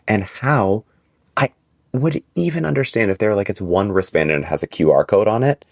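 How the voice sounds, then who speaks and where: A man co-hosting a casual podcast, telling stories in an animated, exasperated way. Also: moderate pace, dry recording, studio quality. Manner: animated, exasperated storytelling with big pitch jumps. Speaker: podcast co-host.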